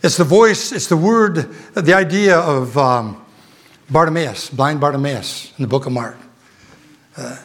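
Halting, fervent male preacher. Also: on the high side, expressive, a bit bright, husky. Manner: halting, full of restarts and fillers, swells with emphasis. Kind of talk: sermon.

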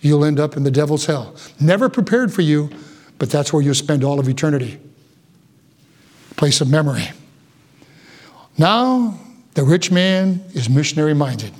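A male pastor preaching a fervent sermon, sinking low and quiet for solemn warnings and rising when urging his hearers. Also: lively intonation, moderate pace, long pauses.

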